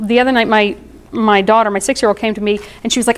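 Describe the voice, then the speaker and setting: A woman's voice: fairly high pitch, fast talker. A woman in her thirties giving an informal presentation on emotional wellness, conversational and explanatory, with frequent ums and asides.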